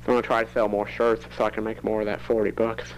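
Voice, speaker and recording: A man's voice: lowish voice, level tone, fast talker, a little hiss or hum, low-quality recording. A teenage boy rambling into a home cassette recorder for his audio diary, chatty and prone to giggling. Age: teens. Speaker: student keeping a tape diary.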